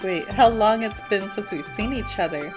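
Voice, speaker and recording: A woman co-hosting a casual podcast, chatting and reading game narration aloud with playful asides. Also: music in the background. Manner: reads narration lower and slower, playful asides. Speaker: podcast co-host.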